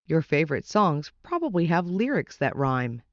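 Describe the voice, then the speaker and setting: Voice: medium pitch, sing-song, normal speed, dry recording, dull audio. A reader steadily reading a children's nonfiction book aloud.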